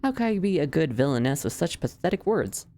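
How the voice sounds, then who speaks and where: A sardonic young villainess from a visual novel, as a woman reads her lines. Her voice is very deep and dry, and her phrasing is wry and formal. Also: very animated, fairly quick, dark tone.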